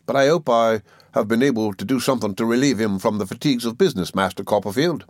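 A man's voice: medium pitch, quick pace, dry recording, clean studio sound, lightly acted. A man reading aloud, voicing a meek, fawning male clerk who speaks in humble, ingratiating tones. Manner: humble, ingratiating, sickly polite.

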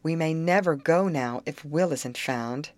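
A woman's voice: deep voice, measured pace, dry recording. A woman reading the part of an anxious young daughter, speaking plaintively.

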